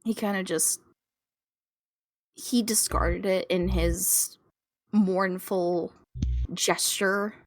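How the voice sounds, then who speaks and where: A young woman narrating a tabletop game as game master, in a slow, drawn-out way. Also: medium pitch, steady tone, no room sound.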